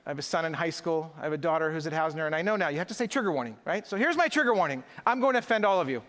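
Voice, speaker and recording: A man's voice: on the high side, very fast, fairly bright tone. A middle-aged man giving a live keynote speech at a conference, rhetorical and emphatic, working the audience. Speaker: conference speaker. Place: large conference hall. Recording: echoey conference hall.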